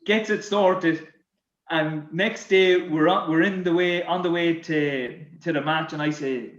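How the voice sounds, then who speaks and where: A man and former footballer tells stories as a podcast guest, a little high in pitch and lively. He stumbles and repeats himself as he builds each tale. The room sounds roomy, and the recording slightly dull. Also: unhurried. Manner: animated, repeats words, laughs at his own stories. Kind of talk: anecdotal storytelling.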